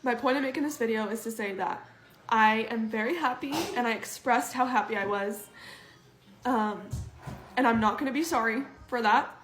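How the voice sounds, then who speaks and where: A woman's voice: fairly high pitch, fairly bright tone, echoey room. A woman making an emotional video post, fighting back tears. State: near tears.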